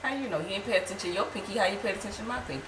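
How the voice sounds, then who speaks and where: A woman's voice: medium pitch, racing, distant mic. A woman bantering and teasing her husband casually in their kitchen. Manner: teasing, lively. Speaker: host's wife. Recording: echoey room, off-mic, loud noise.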